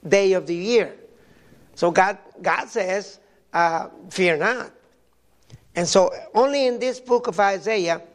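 An older man from Mexico delivers a sermon, stopping often and repeating words as he tells personal stories. His voice sits high for a man and has a gravelly edge. He speaks at an unhurried pace. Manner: halting, repeats words, storytelling. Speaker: preacher.

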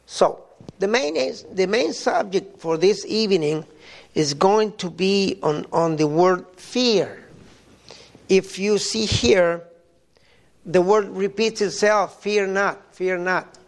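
An older man from Mexico delivers a sermon, stopping often and repeating words as he tells personal stories. His voice sits high for a man and has a gravelly edge. He speaks at an unhurried pace. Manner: halting, repeats words, storytelling. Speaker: preacher.

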